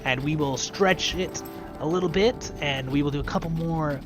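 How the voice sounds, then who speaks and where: A Scottish man with a slightly high voice hosts a casual let's-play at normal speed. He chats off the cuff over game music, often poking fun at himself.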